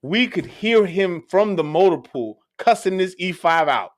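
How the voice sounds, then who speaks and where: A man co-hosting a casual talk show, telling a relaxed army memory and quoting the people in it. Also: high voice, unhurried, no room sound, studio quality. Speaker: podcast co-host. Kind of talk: casual storytelling chat.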